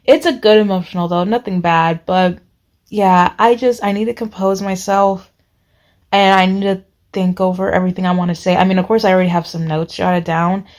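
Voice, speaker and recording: A woman's voice: on the low side, fairly even intonation, brisk, darkish tone. A woman making a casual reading vlog, talking through a book in a rambling, emotional way with lots of fillers. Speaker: book vlogger.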